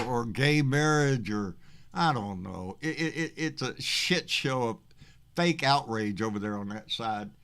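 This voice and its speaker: Reading viewers' chat comments aloud on his laid-back political livestream, a Texan-accented man speaks in a somewhat bright, mid-range voice. His talk is rambling and full of swearing, and he stumbles over repeated words.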